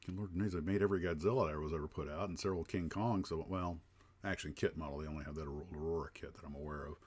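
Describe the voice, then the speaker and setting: A man's voice: very deep voice, fairly even intonation, fast, darkish tone, husky. A man hosting a casual livestream chat, talking in a rambling way with lots of fillers and restarts. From United States. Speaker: livestream host.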